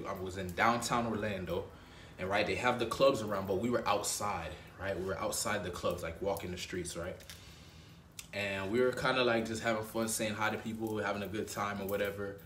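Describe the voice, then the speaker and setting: A man's voice: fairly low pitch, a bit bright, distant mic, slight background noise. A man telling a personal story in a casual, rambling way, often checking in with "right?" and "you know what I mean". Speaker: dating advice host. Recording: roomy echo.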